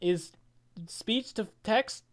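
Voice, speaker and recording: A man's voice: sits high, drawn-out words, no room sound. A man, a gaming YouTuber, giving casual reaction commentary in a blunt, profane, laughing manner.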